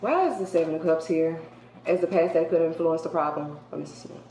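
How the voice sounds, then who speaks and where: A woman doing a casual tarot card reading for her viewers. She talks colloquially and emphatically, jumping between loud outbursts and hushed asides. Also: sits low, a little fast. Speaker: tarot reader. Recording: roomy echo with faint background hiss.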